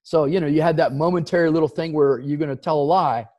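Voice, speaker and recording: A man in middle age tells a lively story as an interview guest, with a fairly high voice. He jumps into the voices of the people he talks about and keeps the tone loose and conversational. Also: quick pace, muffled recording. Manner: animated storyteller, acts out quoted voices.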